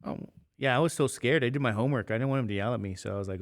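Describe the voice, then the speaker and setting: A man's voice: mid-range voice, fairly even intonation, fast. Chatty man in his fifties teaching math. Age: 50s. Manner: chatty, rambling, jokey asides to students. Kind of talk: casual classroom talk.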